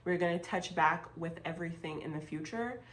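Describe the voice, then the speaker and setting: A woman's voice: fairly low pitch, fairly quick, a bit bright, poor audio. A young woman vlogger telling a personal story in a casual, chatty way, with lots of fillers and emphatic asides.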